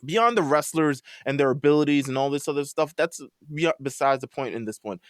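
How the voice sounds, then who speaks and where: A man's voice: a little high, a little fast, fairly bright tone, no echo, studio quality. A man on a casual chat podcast, talking emphatically and repeating his points. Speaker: podcast panelist.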